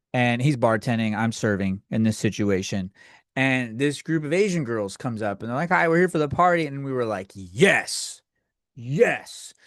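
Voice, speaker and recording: A man's voice: mid-range voice, no room sound, studio quality. A man hosting a solo comedy podcast, ranting crudely and rambling, acting out the people in his stories. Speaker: podcast host.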